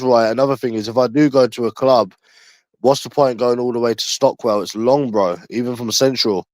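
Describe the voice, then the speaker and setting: London man livestreaming, mid-pitched, loose and foul-mouthed, dry room tone. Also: a little mellow, dry recording. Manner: crude and heavy on swearing. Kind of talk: rambling casual livestream chat.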